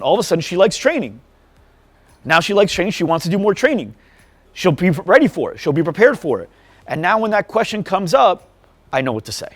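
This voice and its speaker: A man's voice: on the high side, no echo. A man speaking at a live workshop, firing rhetorical questions and drilling the audience in a punchy, repetitive way. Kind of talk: live seminar talk to an audience. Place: event room before a live audience.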